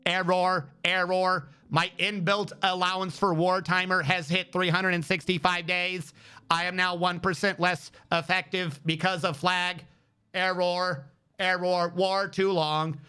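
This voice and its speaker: Guy doing a robot voice, stuck repeating error error, kinda high pitched. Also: little pitch movement, unhurried, bright, forceful tone, clean tone. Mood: mechanical. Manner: chanting error messages. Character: malfunctioning robot citizen, flat, stuck on war.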